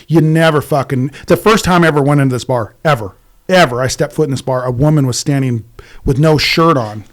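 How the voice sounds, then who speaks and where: A man's voice: mid-range voice, a little fast. A man telling a long bar story in casual chat, rambling and profane, with many restarts.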